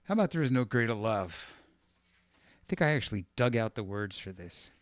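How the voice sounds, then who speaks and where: Loud guitar plays behind this male guitarist as he hosts a live stream, talking loosely with viewers, musing aloud and joking at his own expense. His voice sits on the low side, animated and moderately paced, with no echo.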